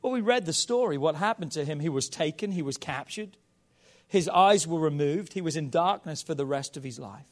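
A man's voice: a little high, lively intonation, moderate pace. A man preaching at a family service, reading a children's Bible story aloud and calling on the audience to repeat lines. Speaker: pastor.

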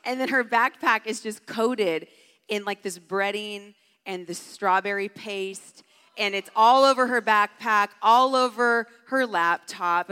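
A woman's voice: mid-range voice, a bit bright, smooth. Chatty woman preaching in a big hall. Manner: casual, chatty, heavy use of "like". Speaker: camp speaker. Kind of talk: storytelling sermon. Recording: long hall reverb.

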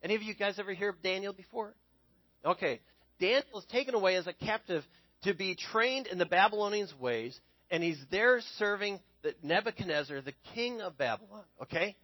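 A man's voice: high-pitched, animated, a little fast, fairly bright tone, no echo, poor audio. A young man preaching a casual sermon, retelling a Bible story to listeners in a conversational way and often checking in with "okay?".

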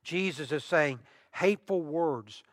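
A man preaching a sermon as pastor, emphatic, with long pauses and rising intensity. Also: a little high, long reverb tail.

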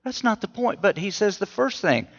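A slightly high-voiced man delivers a sermon and speaks conversationally, his pitch rising and falling a lot as he poses question after question. The audio is muffled, and his voice rings with the long reverb of a large hall. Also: expressive, moderate pace, fairly bright tone. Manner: conversational, asks rhetorical questions. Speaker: preacher.

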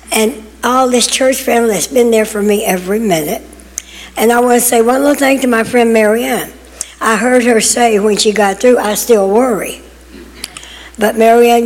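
A woman's voice: fairly high pitch, steady tone, normal speed. Chatty older woman testifying in a hall. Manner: chatty, emphatic, laughing asides. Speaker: church member. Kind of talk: personal testimony in church sharing time. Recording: long hall reverb.

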